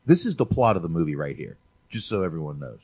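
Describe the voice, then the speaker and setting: Casting: low-voiced male podcast host, profane, joking, dry close mic. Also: sing-song, fast talker, darkish tone, breathy edge, no echo. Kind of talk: casual movie review chat.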